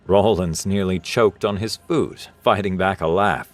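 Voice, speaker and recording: A man reading a scripted science-fiction story in a steady, expressive way. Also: low-pitched, unhurried, few pauses. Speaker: narrator. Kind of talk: scripted sci-fi story narration. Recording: narration over faint music. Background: faint music.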